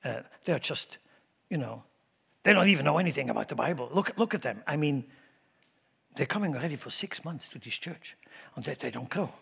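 A man preaching a sermon to his congregation, swinging between loud emphatic declarations and low asides, often repeating words and asking the room questions. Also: expressive, brisk, gravelly, long pauses, slightly rough. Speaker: pastor. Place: church.

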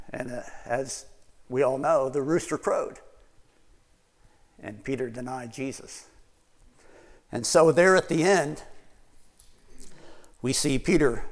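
Casual-talking male pastor in a reverberant hall. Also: mid-range voice. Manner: conversational, retelling scripture with many fillers. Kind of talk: sermon.

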